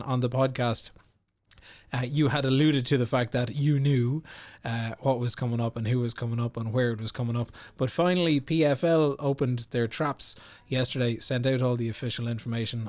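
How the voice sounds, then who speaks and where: A man hosts a sports podcast in a relaxed, talkative way. His voice sits at an everyday middle pitch, and his long questions are filled with ums and uhs. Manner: chatty, rambling, many fillers. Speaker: podcast host. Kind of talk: casual interview chat.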